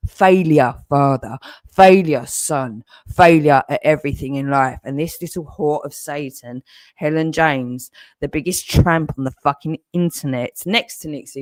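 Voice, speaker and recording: A man's voice: on the high side, a little mellow, dry recording. An Englishman in an aggressive, threatening rant, swearing heavily and repeating his target's name again and again. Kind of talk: angry on-camera rant.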